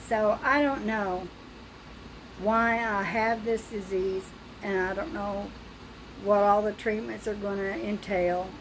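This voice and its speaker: An older woman speaks slowly in a personal video diary, her voice frightened and halting. She pauses often and restarts her sentences. A faint background noise sits under her voice. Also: medium pitch, fairly even intonation, low-quality recording. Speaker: vlogger.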